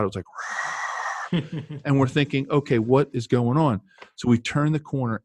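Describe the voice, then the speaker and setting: A former football player telling lively anecdotes in casual chat, with many fillers and restarts. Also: male voice, mid-range voice, no echo.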